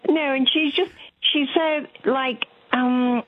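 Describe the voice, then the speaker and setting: A woman's voice: high-pitched, steady tone, slow, dry recording. Seventies female caller, chatty laughing storyteller, phone-line sound. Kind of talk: phone-in chat. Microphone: telephone.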